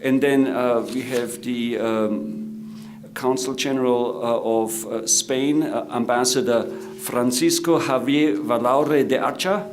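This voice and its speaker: A middle-aged man with an Austrian German accent who moderates a conference panel, introducing guests formally and pausing often with "uh". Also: mid-range voice, fairly even intonation, over music. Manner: halting, many "uh" fillers. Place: conference room.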